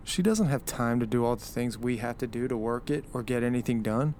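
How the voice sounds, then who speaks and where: An actor playing a laid-back young male gravedigger who talks in a relaxed, casual way and swears offhandedly. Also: mid-range voice, fairly quick, a little hiss or hum, natural voice.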